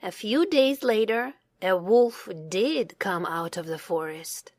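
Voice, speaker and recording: Slow, expressive woman storyteller. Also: medium pitch, no room sound, studio quality. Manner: slow, expressive read-aloud. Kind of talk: children's storybook narration.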